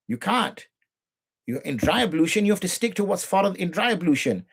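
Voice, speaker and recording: On a live show, a middle-aged Islamic jurist teaches the rules of prayer in a high-pitched, gravelly voice with a breathy edge, big pitch swings and a fairly quick pace. He argues his points with rhetorical questions and imitates the people he corrects.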